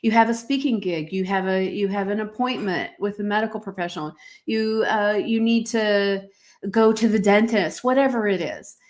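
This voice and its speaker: A woman hosts a motivational podcast in a mid-pitched voice, reading aloud from her own journal. She talks in emphatic, preacher-like bursts and leans on encouraging fillers between points. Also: normal speed, a little mellow. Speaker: podcast host.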